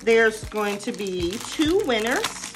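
A woman's voice: fairly high pitch, big pitch swings, slow, over music. A woman, chatting casually to camera about budgeting and calling her viewers y'all. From United States. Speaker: budgeting vlogger.

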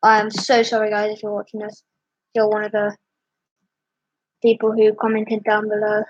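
A young woman YouTuber, upset and apologetic, talking fast in repeated bursts about deleting a video. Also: mid-range voice, completely flat delivery. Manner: panicked, apologetic, repeating words. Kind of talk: distressed vlog commentary. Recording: dull lo-fi sound.

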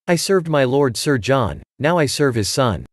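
A man reading the lines of a grave servant who speaks slowly and solemnly in a lowered voice. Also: very animated, no echo, studio quality. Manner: slow, hushed, solemn. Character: grave male Egyptian servant, solemn and warning.

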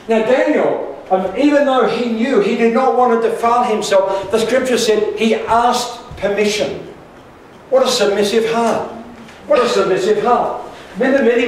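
An older pastor preaching a sermon, his fairly high voice carrying through a very echoey church hall. He is picked up from a distance and tells a personal story with humour and quick asides. A faint hiss sits under the recording.

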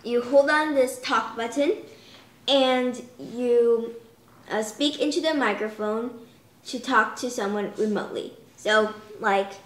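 Slow-talking young woman demoing a toy. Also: a little high, fairly bright tone, echoey room. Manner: chatty, many "like" fillers. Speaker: toy demonstrator. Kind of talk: casual product demo.

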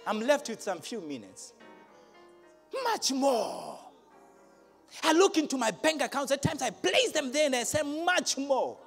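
High, lively man preaching to a congregation. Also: unhurried, vocal fry, long pauses, faint music behind. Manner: emphatic, rising to shouts, asks the crowd questions. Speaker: pastor. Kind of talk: live preaching. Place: large church hall.

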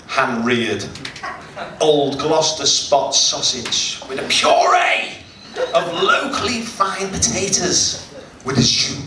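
A man in his forties does a chatty stand-up set and bantering with the crowd, his pitch lively and animated. The recording is roomy and distant, with loud noise from a live hotel function room behind him. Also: slow pace. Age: 40s. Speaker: stand-up comedian.

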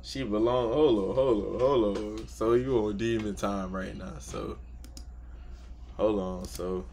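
A man's voice: lowish voice, fairly even intonation, takes it slowly, mellow, a little hiss or hum. A man reacting as co-host in a casual chat, full of hyped interjections.

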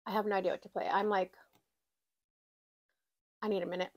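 A woman vlogging at home, counting cash out loud and exclaiming often, calling her viewers "y'all". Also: mid-range voice, little pitch movement, brisk, background noise. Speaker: budgeting vlogger. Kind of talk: casual chat while counting cash.

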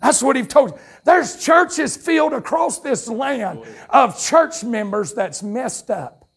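In a church sanctuary at a campmeeting, a Southern pastor from North Carolina, USA, delivers an animated revival sermon in a high, gravelly voice with a husky edge. He shifts from fiery shouting to quick, folksy asides while the congregation calls out responses.

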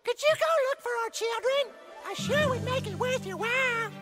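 A tiny male poo creature from a cartoon game chirps along in a very high, squeaky singsong, cheerful to the core. Loud game music rolls along under every word. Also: moderate pace. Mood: flustered.

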